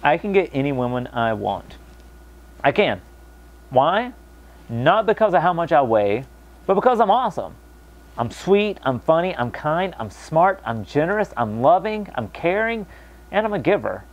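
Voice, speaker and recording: A young American man talking casually to camera, animated, mocking other people's voices when quoting them. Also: fairly high pitch, normal speed, muffled recording. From United States. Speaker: vlogger.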